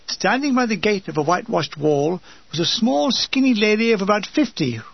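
Memoir narrator: a fairly high, husky male voice with dry, comic asides. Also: big pitch swings, normal speed, no echo, dull audio. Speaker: narrator of his own war memoir.

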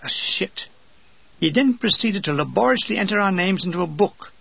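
A man's voice: high-pitched, expressive, brisk, creaky, slightly rough, dry recording, muffled recording. An older man reading his humorous wartime memoir aloud with a dry comic delivery, briefly mimicking his comrades.

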